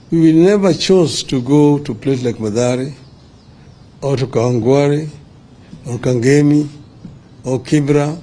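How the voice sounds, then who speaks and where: An older man with a Kenyan accent reading a political statement to the press and answering reporters' questions in a deliberate, measured way. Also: medium pitch, dark tone. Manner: measured, deliberate delivery with restarts. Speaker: opposition leader at a press briefing.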